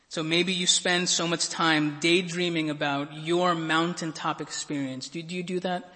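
A man's voice: a little high, fairly even intonation, moderate pace, sharp tone. A man preaching a sermon, earnest and stammering into repeated words, then rising to emphatic peaks. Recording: long reverb of a large hall.

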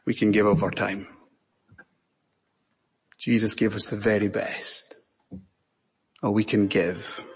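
A man with a Scottish accent preaching an impassioned sermon, with long pauses between phrases. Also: on the low side, flat delivery, a little hiss or hum. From Scotland. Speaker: pastor. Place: church sanctuary. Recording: reverberant church hall.

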